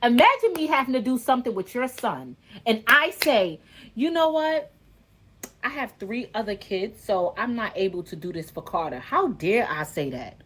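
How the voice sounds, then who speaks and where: Give me a woman venting hard in casual talk, fired up and cursing, with a fairly high voice. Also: big pitch swings, normal speed, fairly bright tone. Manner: heated, profane, ranting. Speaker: content creator. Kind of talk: emotional casual monologue.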